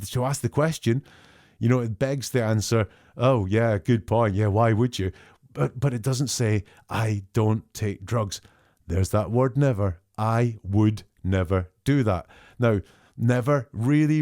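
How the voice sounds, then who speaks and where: A man's voice: on the low side, mellow, no room sound, studio quality. A man hosting a show, analysing public denials in a conversational, point-by-point way. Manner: conversational, picks apart quotes word by word. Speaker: statement analyst host. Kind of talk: analytical commentary.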